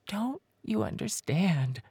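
As an audiobook reader puts her on, a frightened, ill woman pleads in a high, trembling voice. She is torn and near tears. The reading is slow and dry. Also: sing-song, no room sound. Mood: tearful, pleading. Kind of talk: audiobook character voice.

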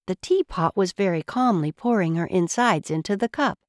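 A woman reading a storybook aloud, expressive and unhurried. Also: on the low side, dry recording, studio quality. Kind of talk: storybook read-aloud narration.

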